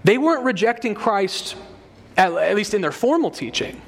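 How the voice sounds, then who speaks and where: A man with a high voice preaches an expository sermon and leans hard on repeated phrases for emphasis. His voice rings out in a hall with a long reverb. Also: sing-song, normal speed, vocal fry. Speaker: pastor.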